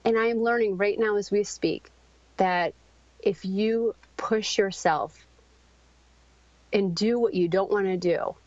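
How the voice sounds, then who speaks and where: A middle-aged woman pours out a raw personal story as a podcast guest, halting often and restarting her sentences. The recording is dry and a bit dull, with no room sound. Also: on the low side, no echo. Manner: halting, searching for words, many ums and restarts.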